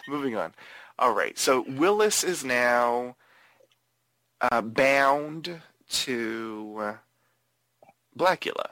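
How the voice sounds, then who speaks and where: A man's voice: medium pitch, lively intonation, extremely slow, long pauses, sharp tone, no room sound. A man hosting a casual podcast about a movie, who recaps the plot loosely, with hesitations and frequent laughter. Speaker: podcast host. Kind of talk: casual movie-discussion chat.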